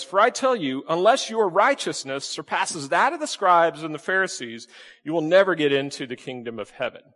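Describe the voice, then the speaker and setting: Male pastor, animated delivery, a touch high, long hall reverb, preaches with questions and light humor. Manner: lively, questioning the congregation, playful asides. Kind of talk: sermon. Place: church sanctuary with congregation.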